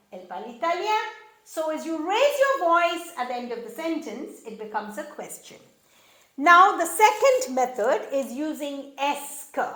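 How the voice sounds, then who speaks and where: High, lively-voiced woman teaching a lesson. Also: echoey room. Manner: explains step by step, repeats example sentences slowly. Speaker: French teacher. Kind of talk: beginner language lesson.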